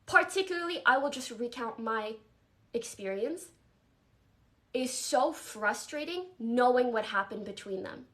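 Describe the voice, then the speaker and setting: A young woman streamer giving an emotional, earnest statement, halting and apologetic and close to tears. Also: fairly high pitch, lively intonation, fairly bright tone.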